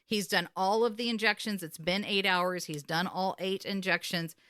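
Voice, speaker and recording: A woman's voice: medium pitch, moderate pace, no echo. A woman, co-hosting a podcast recap, telling the story emotionally and swearing often. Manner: emotional, swearing, animated retelling. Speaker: podcast co-host. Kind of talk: casual recap chat.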